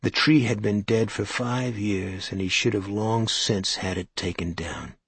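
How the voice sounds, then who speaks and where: A man narrating a story in the first person, in an even, measured storytelling manner. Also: fairly low pitch, slightly rough, no room sound. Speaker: audiobook narrator.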